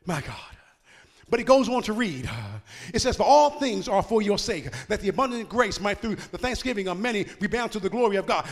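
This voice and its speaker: A man in his fifties preaching a sermon, punctuating his phrases with "uh" and rising into shouted exhortation. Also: high-pitched, expressive, a little fast, in a large hall. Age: 50s.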